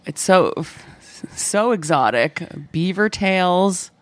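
A woman guest on a comedy podcast, talking in a deadpan, cheerfully morbid way. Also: on the low side, takes it slowly, dry recording. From Canada. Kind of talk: improvised comedy chat.

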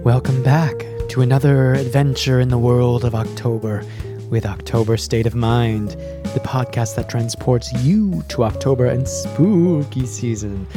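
American man, podcast host, jokey and punning, casual delivery, mid-range pitch, music in the background. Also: steady tone, unhurried.

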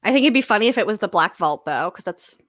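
A woman's voice: medium pitch, lively intonation, quick pace, fairly bright tone, dry recording. Woman cohost, playful gushy chat, dry close mic. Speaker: podcast co-host. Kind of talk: casual chat.

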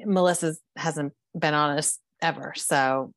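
Lower-voiced chatty woman co-host. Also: fairly even intonation, measured pace, dry recording. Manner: chatty, opinionated, many "like" and "you know" fillers. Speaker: podcast co-host. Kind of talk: casual chat.

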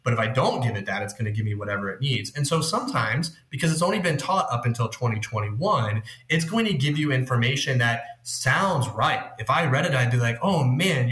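A man's voice: medium pitch, fairly bright tone. Man explaining tech in an echoey room. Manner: explanatory, leans on food analogies. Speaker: guest expert on workplace tech. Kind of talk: podcast interview.

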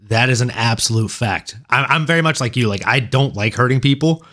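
A man's voice: mid-range voice, a little fast, fairly bright tone, a little hiss or hum. A man hosting a casual interview podcast, agreeing easily and laughing often as he chats. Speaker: podcast host.

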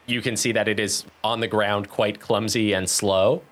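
A man's voice: on the low side, fairly even intonation, normal speed, fairly bright tone. A man narrating as game master, describing scenes loosely with many fillers.

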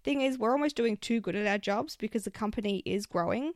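A young woman with an Australian accent telling stories on her solo podcast, swearing freely and getting animated as she vents. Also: mid-range voice, a little fast, no echo, clean studio sound. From South Australia. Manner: swears often, animated when venting. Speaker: podcast host. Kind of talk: casual solo podcast storytelling.

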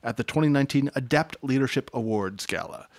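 A man's voice: mid-range voice, animated, dry recording, clean studio sound. A man co-hosting a podcast, recapping a sitcom in casual chat with wry, joking asides. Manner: wry, joking, does quick silly voices. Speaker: podcast co-host.

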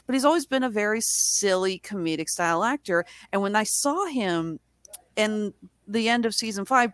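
A woman's voice: medium pitch, a bit bright, no room sound. A woman co-hosting a casual TV review chat, enthusiastic and rambling. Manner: enthusiastic, rambling, acts out quoted lines. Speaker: podcast co-host reviewing a TV series.

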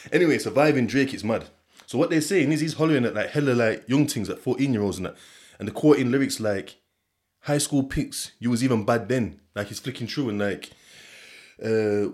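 Man, young adult, casual solo podcast chat, slangy, laughs often, low voice. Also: a little mellow. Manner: rambling, swearing, laughs often, slangy storytelling. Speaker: podcast host.

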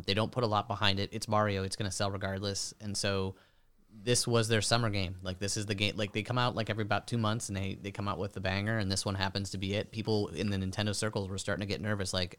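A man co-hosting a gaming podcast, chatting in a relaxed, opinionated way with plenty of fillers. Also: lowish voice, fast, clear, resonant tone. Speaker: podcast co-host. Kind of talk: casual gaming podcast chat.

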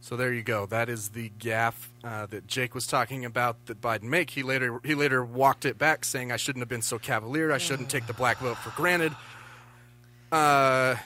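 Bright-voiced opinionated man. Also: mid-range voice, normal speed, a little hiss or hum. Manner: animated, opinionated, swears freely. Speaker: podcast co-host. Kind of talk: casual political chat.

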